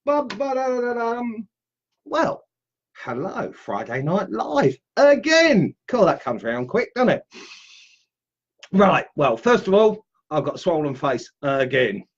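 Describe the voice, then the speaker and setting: A man's voice: on the high side, very animated, measured pace, pauses often, slightly rough, dull audio. A man demonstrating woodcarving on a live stream, chatting casually and greeting viewers as he works. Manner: chatty and upbeat, greets viewers while carving.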